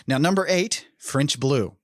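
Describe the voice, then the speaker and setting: A man's voice: on the high side, lively intonation, unhurried, no room sound, studio quality. A man co-hosting a film podcast, rambling and profane, with restarts and laughs. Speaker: podcast co-host. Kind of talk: casual film podcast chat.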